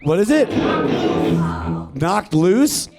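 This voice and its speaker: A middle-aged man doing improvised musical stand-up on a comedy club stage, riffing crudely and loudly, half singing his lines. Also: high voice, big pitch swings, extremely slow, creaky. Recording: guitar playing under the voice.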